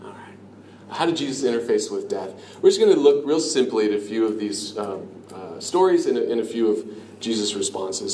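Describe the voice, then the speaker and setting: A man preaching a sermon in an earnest, conversational way, dropping to a hush on key lines. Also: on the low side. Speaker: pastor. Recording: echoey room with faint ambient noise.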